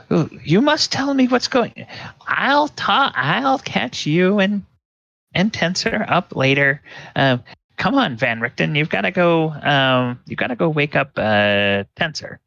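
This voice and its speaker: Old wizard, chatty and easily amazed, raised pitch, dull dry sound, as a game master puts him on. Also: male voice, creaky, no room sound, heavily acted. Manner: fussy, flustered bursts of excitement.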